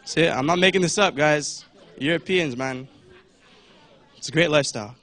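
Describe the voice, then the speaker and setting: A man's voice: a little high, normal speed, a bit bright. A young man giving a casual talk at church, chatty, with many fillers, and acting out voices now and then. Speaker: church speaker.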